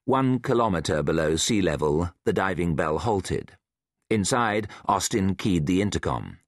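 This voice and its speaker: Low-ish guy narrating an audiobook thriller, dramatic, very dry close sound. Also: sing-song, no room sound. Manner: measured, dramatic. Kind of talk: scripted narration.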